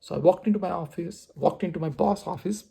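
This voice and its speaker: A man telling a personal story on his vlog, expressive and poking fun at himself. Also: high-pitched, fast, gravelly, slight background noise. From India. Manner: expressive, self-mocking storyteller. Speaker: vlogger.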